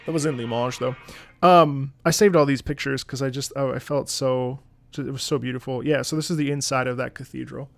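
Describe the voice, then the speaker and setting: A man's voice: medium pitch, steady tone, a little fast, gravelly, soft background music. A man who streams and sings opera, telling a rambling story in casual chat with his audience, with lots of swearing and filler words.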